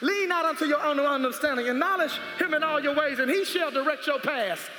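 A man preaching a sermon, emphatic and repetitive, calling for responses and rising to shouts. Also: very high voice, fairly quick, a little hiss or hum. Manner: rises to shouts at peaks. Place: large church hall. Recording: echoey hall with music behind. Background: music.

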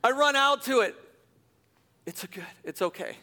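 A middle-aged man, a pastor, telling a self-deprecating story in a sermon, animated and chuckling as he goes. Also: extremely high pitch, moderate pace. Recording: long hall reverb.

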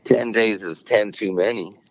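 A man's voice: on the low side, steady tone, measured pace, no echo, highs cut off. A man casually chatting as a podcast co-host, telling stories hesitantly with lots of fillers. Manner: hesitant, filler-heavy storytelling. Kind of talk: casual chat.

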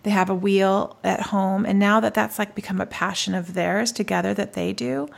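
Gravelly-voiced woman in her forties. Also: medium pitch, moderate pace. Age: 40s. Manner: animated storyteller, swears freely. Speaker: podcast co-host. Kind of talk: casual chat.

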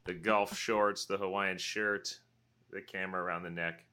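A man co-hosting a podcast who chats casually and jokes in a deadpan way. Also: low-pitched, normal speed, a little hiss or hum. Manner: deadpan joker. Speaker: podcast co-host. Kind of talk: casual chat.

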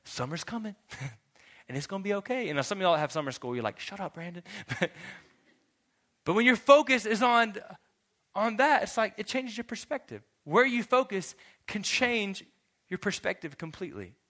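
A man's voice: high-pitched, expressive, moderate pace, pauses often, sharp tone. A young man from Texas giving a casual sermon as youth pastor, laughing often and acting out both sides of conversations in his story.

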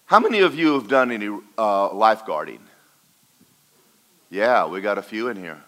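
A man preaching a folksy sermon to a congregation, swinging between loud and quiet. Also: on the low side, expressive, moderate pace. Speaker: pastor. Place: church in front of a congregation.

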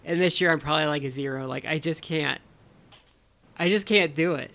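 Seorang pria pembawa acara pendamping yang berbicara santai dan penuh pertimbangan, suaranya agak tinggi dan cerah. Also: male voice, on the high side, fairly quick, creaky, fairly bright tone. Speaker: podcast co-host. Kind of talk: casual podcast chat.

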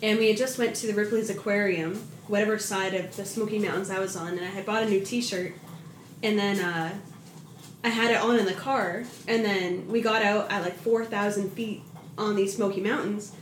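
A woman's voice: medium pitch, fairly even intonation, moderate pace. Rambling woman, echoey room. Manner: rambling, filler-heavy, interjects. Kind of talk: casual storytelling chat. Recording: echoey room with faint noise.

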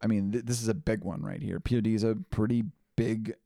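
A man's voice: fairly low pitch, little pitch movement, fast talker, gravelly, dark tone, no echo, clean studio sound. A man co-hosting a music podcast in casual chat, rambling with lots of "like" and "you know" and casual swearing. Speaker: podcast co-host.

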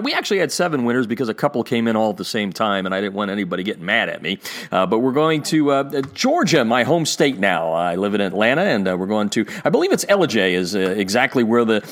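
Pennsylvania man hosting a sports podcast, mid pitch, chatty and self-mocking. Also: animated, fast talker, few pauses. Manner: chatty, self-deprecating, filler-heavy. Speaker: podcast host. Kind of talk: podcast interview.

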